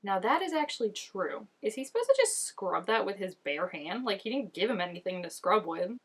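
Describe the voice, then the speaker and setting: A woman in her twenties giving chatty, animated reaction commentary while watching an episode, with lots of "like" fillers. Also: medium pitch, brisk. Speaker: reaction channel host.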